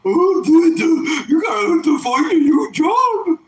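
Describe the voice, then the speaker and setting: A man putting on the voice of a whiny, tattling young male online critic, shrill and nagging. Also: big pitch swings, unhurried, reverberant, heavily acted, low-quality recording.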